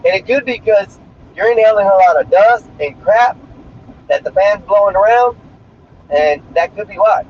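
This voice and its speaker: A man's voice: high-pitched, expressive, moderate pace. A man chatting casually on a livestream while driving, talking in a brash, crude, rambling way. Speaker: streamer. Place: inside a moving car. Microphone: phone. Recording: muffled sound with faint road noise.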